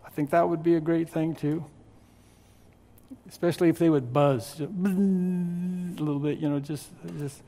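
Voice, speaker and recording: A man preaching a sermon as pastor, teaching through a scripture passage with slow, emphatic stress on key words and some dry humor. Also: a little high, little pitch movement, warm tone. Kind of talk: expository sermon. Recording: long hall reverb.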